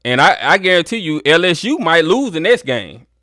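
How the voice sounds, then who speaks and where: Host stream sportowego, mężczyzna z akcentem z południa USA, luźny, gładki głos, suche nagranie. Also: male voice, a little high, moderate pace, no echo, clean studio sound. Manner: relaxed, talks to viewers as y'all. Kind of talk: casual sports chat.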